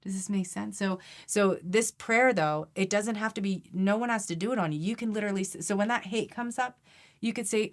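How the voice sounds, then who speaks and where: A woman's voice: medium pitch, brisk. A woman guest on an interview, talking about energy healing in an earnest, emphatic, persuading way. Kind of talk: conversational interview.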